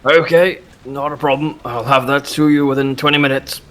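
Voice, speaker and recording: A man voicing a gruff, sarcastic male hospital receptionist on the phone in a tabletop game. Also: mid-range voice, steady tone, normal speed, fairly bright tone, slight background noise, voice pushed up, close to an everyday voice. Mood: grumbling.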